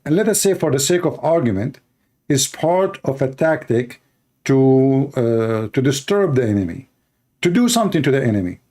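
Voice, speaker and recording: A man's voice: mid-range voice, big pitch swings, moderate pace, dark tone. A man giving heated reaction commentary on a news clip, hurling insults and arguing in broken, non-standard English. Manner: angry, insulting, argumentative.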